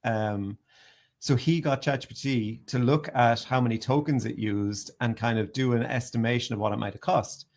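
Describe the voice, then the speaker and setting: A man hosting a podcast, explaining things casually with many pauses, fillers and repeated words. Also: mid-range voice, steady tone. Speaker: podcast host.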